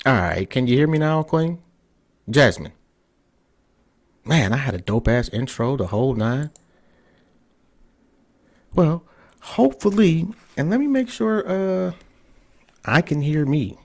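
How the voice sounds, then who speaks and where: A man's voice: fairly high pitch, big pitch swings, slow, pauses often. A man hosting a podcast interview over a remote call, casual and profane, repeatedly checking whether his guest can hear him. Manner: loose and profane, frustrated with tech trouble. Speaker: podcast host.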